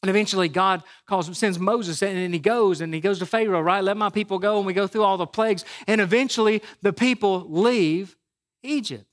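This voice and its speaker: A man's voice: high voice, brisk. A man preaching a sermon as pastor, talking in a loose, conversational way with frequent restarts and "right?" to the congregation. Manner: conversational, repeats words, asks the crowd "right?".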